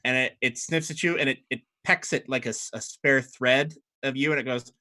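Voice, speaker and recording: Bright-voiced man running a tabletop game. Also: mid-range voice, fairly even intonation, brisk. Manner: loose, rambling narration with many fillers. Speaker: dungeon master.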